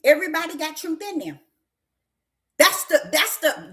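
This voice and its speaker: High, animated woman preaching. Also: normal speed. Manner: emphatic, repetitive, questioning the listeners; folksy, with breaks into laughter. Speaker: prophetess preaching. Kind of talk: sermon.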